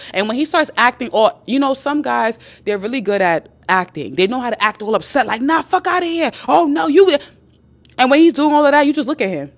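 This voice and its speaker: A woman with a fairly high voice gives blunt, casual dating advice to viewers on a live stream. She is emphatic and animated, restates her points and swears freely as she talks.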